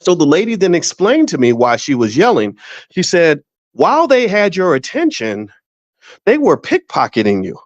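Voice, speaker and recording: Male host, casual rambling monologue, fairly high voice, dry slightly muffled sound. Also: wildly swooping pitch, normal speed, no room sound. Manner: rambling, stumbles over repeated words. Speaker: podcast host, finance professor. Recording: dry, slightly dull recording.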